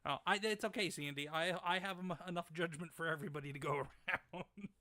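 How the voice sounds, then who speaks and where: A man's voice: a little high, fast, bright, forceful tone, dry recording. A man hosting a live game stream from home, reading chat messages aloud and teasing his wife. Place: home, at the gaming setup. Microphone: desk mic left live.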